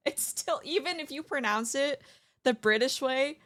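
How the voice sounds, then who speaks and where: A woman's voice: high-pitched, animated, a little slow, a bit bright. A young adult woman streamer chatting casually, giggling and swearing playfully. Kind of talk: casual livestream chat.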